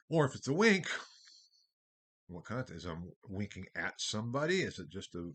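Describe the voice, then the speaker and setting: A man giving a recorded university history lecture, talking in a discursive way with wide swings in loudness and a husky voice. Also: on the low side, big pitch swings, moderate pace.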